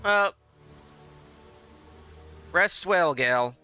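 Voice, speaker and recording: A man's voice: sits high, lively intonation, drawn-out words, bright, forceful tone, soft background music. A man giving casual, rambling gameplay commentary and reading out dialogue choices, often hesitating and restarting. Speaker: gameplay streamer.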